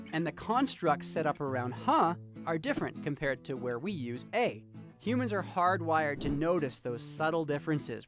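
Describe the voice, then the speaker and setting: A man narrates a feature story in a lively explainer tone. His voice sits a little high. A clear music bed runs beneath. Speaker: feature reporter. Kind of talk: scripted narration.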